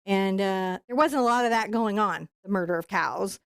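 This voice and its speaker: A woman teaching a live painting tutorial in a soft, soothing voice as she paints. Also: medium pitch, moderate pace, vocal fry, smooth, no echo, studio quality. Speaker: painting instructor.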